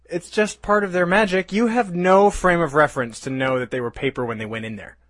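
A man's voice: a little high, fairly even intonation, brisk, a bit bright, no echo. A young man co-hosting a comedy podcast, teasing his friend in a wry, joking way and laughing often. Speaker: podcast co-host. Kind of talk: casual comedy chat.

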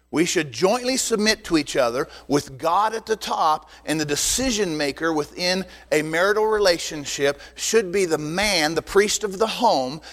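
Older male pastor, high-pitched, animated teaching sermon in a reverberant hall. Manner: animated, joking asides to the congregation. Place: church sanctuary. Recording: long reverb in a church hall.

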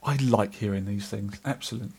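A man's voice: fairly low pitch, normal speed, darkish tone, breathy edge. A middle-aged man co-hosting an arcade podcast, chatting casually and rambling in a self-deprecating way. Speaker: podcast co-host. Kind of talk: casual chat.

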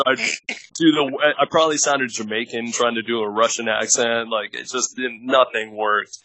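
An actor and producer in his thirties rambles through storytelling chat as a podcast guest, laughing frequently and leaning on fillers. His voice is medium-pitched and sharp in tone, with fairly even intonation and a moderate pace. The recording is low quality.

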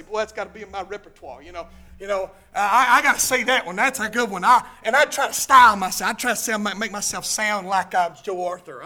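High, bright-voiced preacher. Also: male voice. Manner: animated, acts out Bible quotes in character. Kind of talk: sermon.

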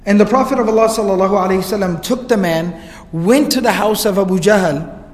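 A man giving a religious history lecture, telling the story in an animated way and reciting Arabic passages. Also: high voice, fairly quick, slight background noise. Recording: echoey hall with long reverb.

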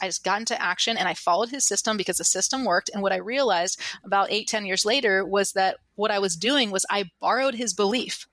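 A middle-aged woman telling stories in a casual interview, animated and acting out quotes in a raised voice. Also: medium pitch, no room sound. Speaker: financial advisor and interview guest.

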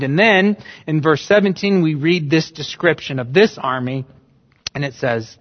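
A man's voice: fairly high pitch, a little slow. A male pastor preaching a sermon, emphatic and full of rhetorical questions. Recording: dull sound with long reverb in a church hall.

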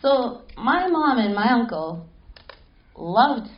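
Animated woman telling a spooky story. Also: on the high side, takes it slowly, muffled recording. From Mexico City. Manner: animated, laughing, swears casually. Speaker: panel guest. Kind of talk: live panel storytelling. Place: stage at a film festival panel.

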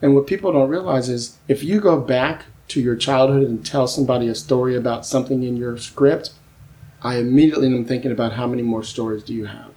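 A man who works as a screenwriter, talking casually as a podcast guest and telling animated stories about his work. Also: mid-range voice, a little fast. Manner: lively storyteller who acts out quoted voices; keeps asking "you know what I mean?".

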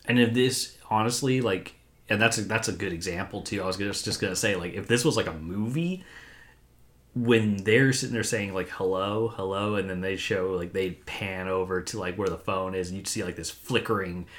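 A man co-hosting a casual podcast, talking in a laid-back way with halting restarts. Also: sits low, fairly bright tone. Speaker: podcast co-host. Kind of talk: casual chat.

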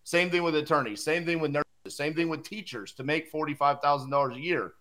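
A man's voice: fairly high pitch, fairly quick, fairly bright tone. A man on a debate panel making an emphatic, argumentative case. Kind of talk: casual debate talk.

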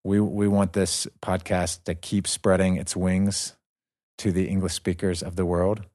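A man's voice: deep voice, flat delivery, a little slow, a little mellow. A man hosting a podcast in a casual, upbeat and easygoing way. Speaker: podcast host.

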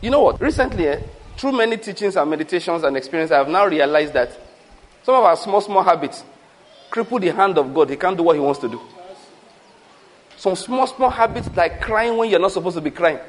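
A man preaching a sermon, animated, asking the congregation questions and calling for answers. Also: high-pitched, a little fast. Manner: animated preaching with rhetorical questions and call-outs. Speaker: pastor.

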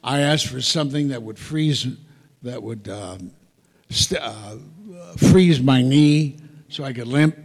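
An older man with a mid-range voice speaks slowly as a guest speaker, telling rambling anecdotes with wry asides to a live audience. It's a storytelling Q&A recorded in an echoey hall, with audience chatter audible.

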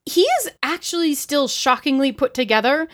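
A woman's voice: high voice, big pitch swings, normal speed, fairly bright tone. A woman playing a tabletop game, chatting casually and playfully while describing her character. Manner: playful, laughs often. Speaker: player.

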